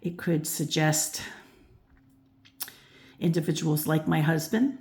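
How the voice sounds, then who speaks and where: Speaking slowly in a low register with a darkish tone, an older woman works through a relaxed tarot reading. She runs a channel and reads tarot, rambling in a reflective way, restarting often and leaning on "you know." Now and then she's out of breath.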